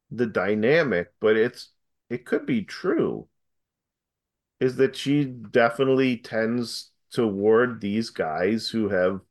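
A man in a casual film discussion, hedging and thinking aloud as he offers his view. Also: on the low side.

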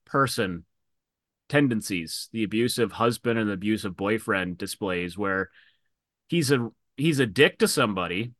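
A man's voice: on the low side, lively intonation, normal speed, fairly bright tone, no echo. A man talking frankly in a casual film discussion, swearing freely and retelling scenes. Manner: retells scenes with quoted voices.

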